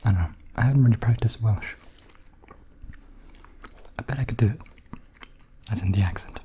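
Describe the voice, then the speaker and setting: A man in a whispered role-play, softly rambling between bites of food into a close microphone. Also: medium pitch, normal speed, noisy background. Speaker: ASMR creator.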